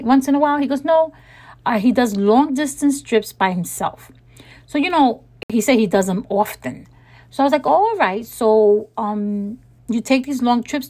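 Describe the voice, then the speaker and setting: A woman hosts a casual podcast in her own plain voice, chatting straight to listeners. She tells stories with lively energy, acts out both sides of a conversation with exasperated emphasis, and laughs often. Her pitch sits in the middle range. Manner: chatty, animated, reenacts dialogue with exasperated emphasis; laughs often while talking. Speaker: podcast host. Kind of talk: casual storytelling chat.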